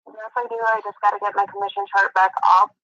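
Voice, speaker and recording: Bright-voiced woman on a dry call. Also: medium pitch, level tone, no echo. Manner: teasing, affectionate, quick asides. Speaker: guest artist. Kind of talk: casual chat. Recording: dry, tinny call audio.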